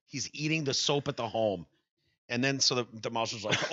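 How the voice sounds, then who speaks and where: A man hosting a casual podcast, telling a story in an animated, profane way. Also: medium pitch, a little fast, dry recording, lo-fi sound. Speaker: podcast host.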